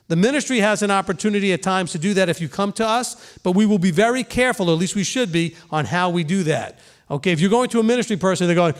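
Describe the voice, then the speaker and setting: A middle-aged man, a pastor, giving an earnest, conversational sermon and checking in with his listeners by asking "okay?". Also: sits high.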